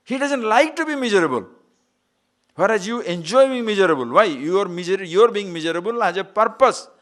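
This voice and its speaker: A man's voice: high-pitched, expressive, fairly quick, a bit bright. A man giving a spiritual talk, playful and laughing often, asking rhetorical questions. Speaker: spiritual teacher.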